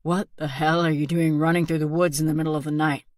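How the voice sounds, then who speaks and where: A woman voicing a blunt, wary rural male hunter in a whispered role-play storybook reading, quiet and firm. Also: deep voice, level tone, fast talker, no echo, studio quality, lightly acted. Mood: gruff.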